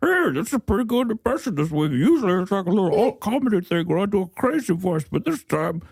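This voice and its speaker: Picture a smug, boastful masked villain with a muffled, mouth-covered delivery, raised well above the talker's usual pitch. The swings in pitch are wide and showy. A man puts him on in a comedy chat. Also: very animated, fast, gravelly, a little mellow, husky, dry recording, full character voice. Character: gruff masked male movie villain, smug.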